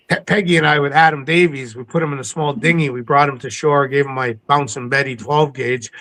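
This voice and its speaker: A man from coastal British Columbia, a podcast guest telling stories in a casual interview, animated and acting out the people he quotes. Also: medium pitch, low-quality recording. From coastal British Columbia, Canada.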